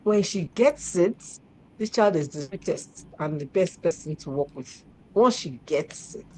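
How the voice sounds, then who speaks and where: A middle-aged woman, hosting and telling stories in lively casual chat, repeating herself and laughing often. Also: fairly low pitch, measured pace, slight background noise, poor audio. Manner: animated, repetitive, laughs often. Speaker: show host.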